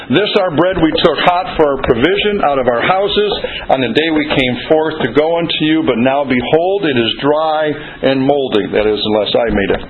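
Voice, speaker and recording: Man preaching through a tinny line. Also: fairly high pitch. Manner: conversational preaching, reads scripture aloud, acts out quoted voices with humor. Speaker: pastor. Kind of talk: expository sermon. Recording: tinny phone-like sermon recording with faint hiss.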